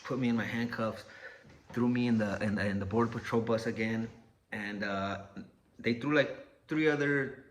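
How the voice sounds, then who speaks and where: A man's voice: medium pitch, moderate pace, slight background noise. A man hosting his channel, telling a story in casual, profane, slangy speech. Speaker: channel host.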